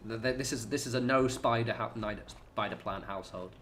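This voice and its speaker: A man's voice: on the low side, brisk, fairly bright tone, a little hiss or hum. A man chatting casually on a gaming livestream at home, rambling and swearing freely. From United Kingdom. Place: home apartment.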